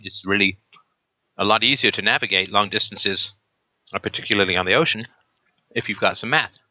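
Bright-voiced, emphatic male call-in host. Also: lowish voice, no room sound. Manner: emphatic, with rhetorical tag questions and frequent fillers. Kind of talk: casual argumentative talk on a call-in show.

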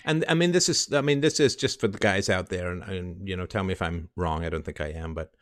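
A man's voice: low voice, a little fast, fairly bright tone, no echo. A man hosting a call-in advice show, talking bluntly and emphatically, swearing now and then, with a wry edge.

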